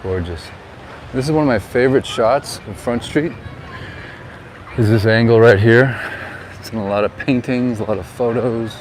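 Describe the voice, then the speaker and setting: A man's voice: medium pitch, moderate pace, pauses often, low-quality recording. Chatty man vlogging outdoors. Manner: chatty, relaxed tour-guide commentary. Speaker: vlogger and real estate agent. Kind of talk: casual walking vlog narration. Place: outdoors by a harbor and town street. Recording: outdoor street noise.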